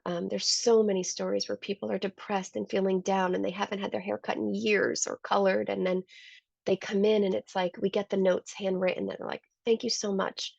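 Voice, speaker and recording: A woman's voice: medium pitch, level tone, fairly quick, vocal fry, darkish tone, no room sound. A woman who owns a salon, telling heartfelt stories as a guest in a conversational interview. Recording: dull, lo-fi dry sound.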